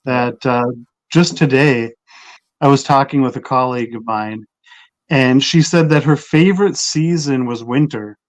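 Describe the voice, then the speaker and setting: A man with a Minnesotan accent hosting a casual interview, asking questions in a relaxed way with many fillers. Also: mid-range voice, measured pace.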